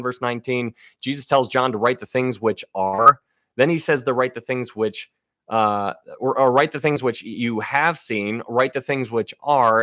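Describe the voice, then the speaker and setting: A man's voice: medium pitch, fairly bright tone, no echo. Eager, dry-voiced man teaching scripture live. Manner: enthusiastic, talks straight to viewers, frequent restarts. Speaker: Bible teacher on a livestream. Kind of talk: casual livestream Bible teaching.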